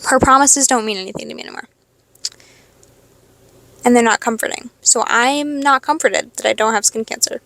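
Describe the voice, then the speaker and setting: Young woman rambling with vocal fry. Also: fairly high pitch, normal speed, long pauses, fairly bright tone, no room sound. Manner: rambling, expletive-laden storytelling. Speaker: podcast host. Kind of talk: casual confessional monologue.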